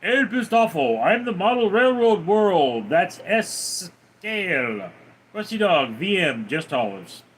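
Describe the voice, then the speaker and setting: A man's voice: sits high, sing-song, takes it slowly, fairly bright tone, husky. A man hosting a casual livestream, reading viewer comments aloud and answering them with teasing, crude banter. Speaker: livestream host.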